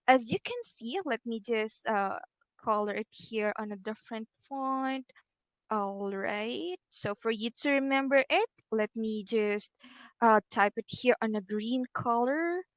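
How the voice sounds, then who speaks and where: A woman with a high, bright voice teaches an online English lesson at an unhurried pace, patient and encouraging. She repeats words slowly for her student and narrates her screen actions. The sound is close and dry. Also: dry recording.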